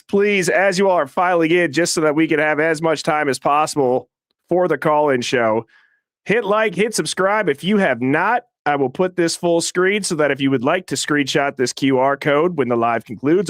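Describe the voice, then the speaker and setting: Man, live call-in host, fairly high voice, dry close sound, casual shout-outs to chat. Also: no room sound. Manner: fast, casual, shouting out names in quick succession. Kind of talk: live stream chat, reading out viewer names.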